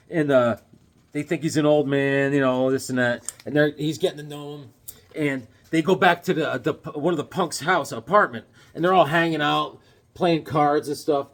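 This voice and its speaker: A man with a somewhat high-pitched voice chats his way through a comic book review. He rambles loosely, leans on fillers and tag questions, and slips in the odd pun. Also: steady tone, normal speed, fairly bright tone. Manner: jokey, with puns.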